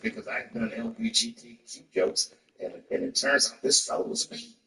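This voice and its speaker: A man's voice: sits high, huge pitch swings, normal speed, creaky, pushed and bright. A man doing a profane stand-up routine on stage, telling a story. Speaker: stand-up comedian. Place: stage before an audience. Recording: roomy, distant stage recording.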